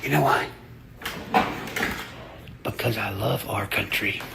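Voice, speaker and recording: A man's voice: lowish voice, fairly even intonation, slow pace, creaky, heavy background noise. A man ranting casually and profanely on a livestream, boastful and laughing often. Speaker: livestream host.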